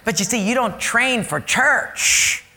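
A man preaching a sermon, animated and storytelling, acting out voices to make his points. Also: very high voice, slow pace, long reverb tail. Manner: animated, acts out voices and stories.

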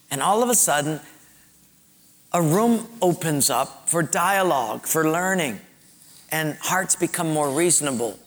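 A man's voice: a little high, lively intonation, unhurried, a bit bright, in a large hall. Earnest male preacher with a raised voice. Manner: earnest preaching with rhetorical questions. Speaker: pastor. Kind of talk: sermon.

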